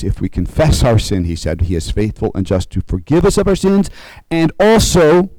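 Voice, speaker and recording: A man preaching a conversational sermon, slowing and rising to stress key points and checking in with his listeners. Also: mid-range voice, mellow, no room sound, poor audio. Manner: conversational preaching, frequent "okay?" check-ins. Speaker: pastor.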